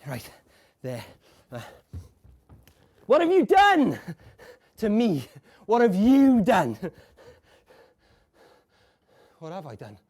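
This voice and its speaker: An actor in a live stage monologue playing a tormented man who caught his wife cheating. He stammers, repeats broken phrases, and swings between hushed murmurs and shouts. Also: a little high, takes it slowly, long pauses. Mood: anguished. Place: café bar stage before a live audience.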